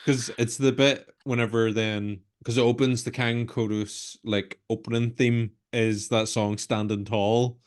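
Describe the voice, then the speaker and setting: A man's voice: mid-range voice, flat delivery, measured pace, few pauses. A man with a Northern Irish accent, co-hosting a casual horror podcast chat, rambling and often murmuring agreement. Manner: rambling, lots of backchannel agreement. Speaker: podcast co-host.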